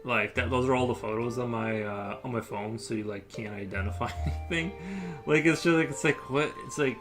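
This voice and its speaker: A man's voice: medium pitch, a bit bright. A young man chatting casually on a live drawing stream, rambling with lots of fillers and restarts.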